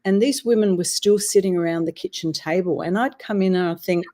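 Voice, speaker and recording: An Australian woman in her sixties, telling a personal story as a podcast guest in a measured, reflective way. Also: on the low side, noisy background. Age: 60s. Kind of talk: casual interview storytelling.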